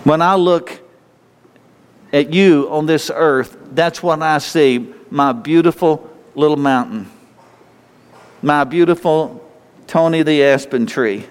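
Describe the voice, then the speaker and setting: Us preacher guy, rambly, keeps restarting, slightly high voice, big echoey hall. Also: takes it slowly, pauses often, smooth. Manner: rambling, repetitive, with frequent restarts. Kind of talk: informal sermon. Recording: long hall reverb.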